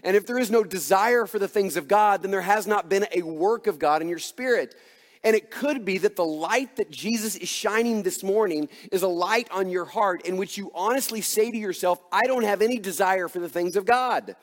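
Male pastor, fairly high voice, earnest emphatic sermon delivery, long church-hall reverb. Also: normal speed. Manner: earnest, emphatic preaching with rhetorical questions.

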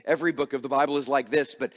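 A man's voice: mid-range voice, fairly even intonation, rapid-fire, big-room sound. A man preaching a sermon as pastor, earnest and emphatic, asking his listeners rhetorical questions.

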